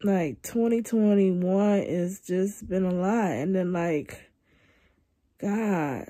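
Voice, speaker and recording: A young woman vlogging casually from her bed at home into a phone camera, venting in a weary, drawn-out way and sounding slightly congested. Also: medium pitch, dark tone. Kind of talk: casual confessional vlog.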